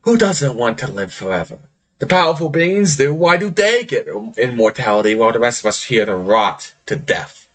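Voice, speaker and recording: A cocky pirate king with a slow, theatrical drawl, as a man puts him on in a tabletop game. His pitch swings high and wide as he mocks the others. He sounds greedy for power. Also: big pitch swings, a bit bright. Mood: scheming. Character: boisterous male pirate king, cocky and scheming.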